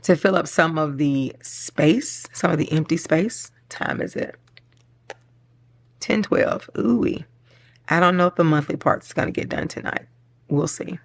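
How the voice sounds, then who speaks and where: A woman's voice: low-pitched, unhurried, vocal fry. A middle-aged woman chatting casually and rambling while she decorates her planner, laughing often and getting choked up. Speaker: planner vlogger.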